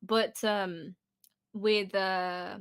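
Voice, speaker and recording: A woman's voice: mid-range voice, little pitch movement, drawn-out words, clean tone. A young woman with a British accent chatting casually on a stream, laughing often and trailing off with fillers. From Britain. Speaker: guest. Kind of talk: casual chat.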